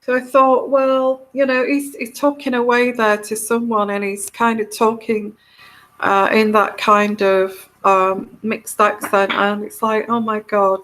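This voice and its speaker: English woman, mixed north-south accent, very slow and soothing, rambling live-stream host. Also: on the high side, flat delivery, fairly bright tone. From England. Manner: slow, meandering, halting with many restarts. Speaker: tarot reader hosting a livestream. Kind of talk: casual live chat reading comments.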